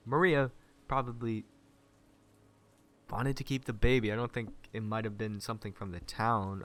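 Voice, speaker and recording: A man with a somewhat low voice reads a story game's dialogue aloud in a casual let's-play. He swears freely and laughs off his own slips. He pushes the player's lines into rising anger. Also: a bit bright. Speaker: gamer playing a story game.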